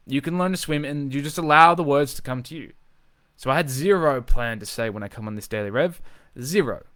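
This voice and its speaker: A man speaking as a social confidence coach in an unscripted live video, energetic and emphatic, swearing freely and repeating phrases for emphasis. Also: a little high, no room sound.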